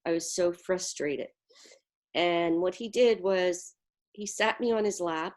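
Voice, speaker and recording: A woman's voice: on the low side, takes it slowly. A woman giving an earnest, vivid personal account on a video call. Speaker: interviewee.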